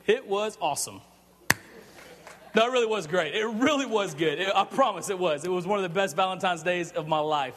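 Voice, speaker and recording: A man preaching in a chatty, animated storytelling way, often stumbling and repeating words. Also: high-pitched, fairly quick. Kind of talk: storytelling sermon. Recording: long reverb of a large hall.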